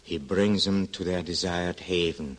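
A very low, deep male voice: a secretive, severe lodger in an old-time radio play. He speaks haltingly, stammering over his words, then turns cold and sharp. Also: fairly even intonation.

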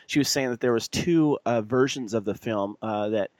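A man's voice: medium pitch, moderate pace, a little mellow, no room sound. A man hosting a podcast from the United States, rambling and laughing easily as he chats. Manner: rambling, laughs easily, many fillers and restarts. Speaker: podcast host. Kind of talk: casual chat.

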